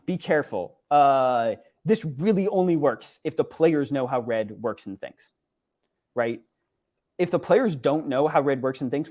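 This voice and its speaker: Casual young man presenting, mellow voice. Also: medium pitch. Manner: casual, filler-heavy, many "right?" and "like". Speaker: conference presenter. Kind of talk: presentation over slides. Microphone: online talk, computer mic.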